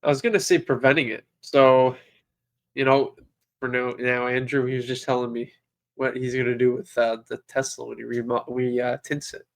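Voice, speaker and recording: A man with an ordinary mid-range voice co-hosts a relaxed podcast about detailing cars. He mostly chimes in with short agreements and laughing asides, then starts easygoing stories of his own. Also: medium pitch, normal speed. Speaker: podcast co-host, auto detailer. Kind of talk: casual podcast chat.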